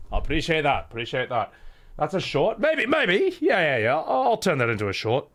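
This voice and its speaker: Male streamer, highish and very lively, giggly and profane live game reactions. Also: brisk. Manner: animated, laughing, profane and rambling.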